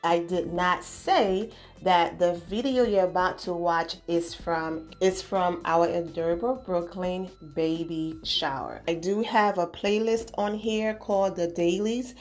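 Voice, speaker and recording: A woman's voice: fairly low pitch, steady tone, measured pace. A woman hosting an entertainment news channel, giving emphatic, opinionated celebrity gossip commentary in a casual chat.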